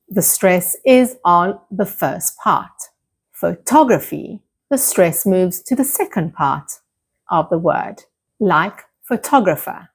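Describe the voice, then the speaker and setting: A woman with an Italian accent leads an English pronunciation lesson at an unhurried pace, saying each word slowly and repeating it. Her lowish voice carries a gravelly edge. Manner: slow, deliberate, repeats words for practice.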